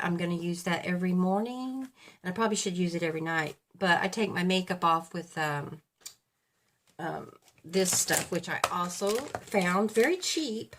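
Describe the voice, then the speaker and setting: A woman's voice: mid-range voice, slight background noise. A woman in her fifties chatting casually as a beauty vlogger, rambling and correcting herself as she goes while getting ready at home. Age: 50s. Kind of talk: casual chat.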